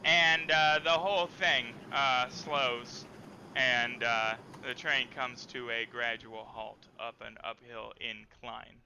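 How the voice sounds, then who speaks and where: A man's voice: mid-range voice, steady tone, takes it slowly, creaky, bright, forceful tone, lo-fi sound, a little hiss or hum. A man narrating a tabletop game as game master, rambling with many fillers.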